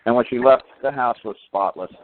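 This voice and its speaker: A man's voice: mid-range voice, fairly quick. A man telling a long casual story as a talk show host, rambling with many fillers and restarts. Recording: phone-like lo-fi radio audio.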